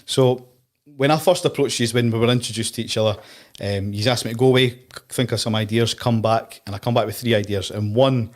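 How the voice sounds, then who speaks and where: A man's voice: medium pitch, steady tone. A man from the East of Scotland with a Scottish accent, telling chatty anecdotes on a casual podcast. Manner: chatty storyteller, quick anecdotes. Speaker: podcast host. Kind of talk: casual chat.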